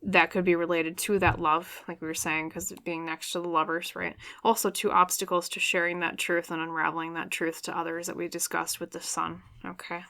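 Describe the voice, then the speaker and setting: A woman giving a pick-a-card tarot reading, chatty and excitable, talking straight to her viewers. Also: on the low side, a little fast, few pauses. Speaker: tarot reader.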